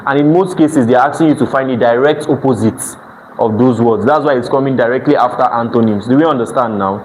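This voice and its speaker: A man's voice: medium pitch, quick pace, a little mellow, rough recording. Nigerian man tutoring a class. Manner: checks in often with students, restarts phrases. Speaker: exam prep tutor. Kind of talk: classroom lecture. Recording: faint background noise.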